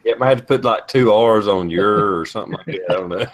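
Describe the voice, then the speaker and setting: A man's voice: on the low side, fast. A man co-hosting an online live chat, speaking in a friendly, informal way and stumbling over some words. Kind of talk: casual group chat.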